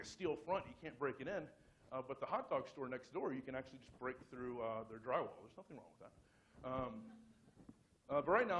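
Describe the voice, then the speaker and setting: A man's voice: medium pitch, slight background noise. A man giving a conference talk, telling a story casually with lots of fillers, restarts and self-mocking humor. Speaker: conference speaker.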